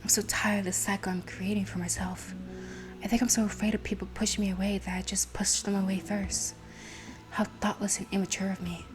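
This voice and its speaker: A woman's voice: fairly high pitch, steady tone, normal speed, music in the background, natural voice. A woman whispering a shy, anxious girl. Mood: timid, whispered. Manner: soft, hushed and hesitant. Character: shy, anxious young woman, self-critical. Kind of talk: whispered role-play.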